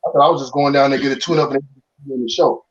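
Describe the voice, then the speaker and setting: A man's voice: mid-range voice, fairly even intonation, very fast, far from the mic, highs cut off. A middle-aged man from Chicago, a former pro ballplayer, telling his story in an interview with loose slangy talk and frequent restarts. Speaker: former pro baseball player, guest.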